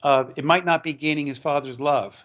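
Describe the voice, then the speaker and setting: A man with a somewhat high voice recounts a story as an interview guest. He halts and restarts often as he gathers his words. The recording sounds dull and lo-fi. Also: steady tone, a bit bright. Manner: halting, with frequent restarts and repeated words. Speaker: author and educator, interview guest.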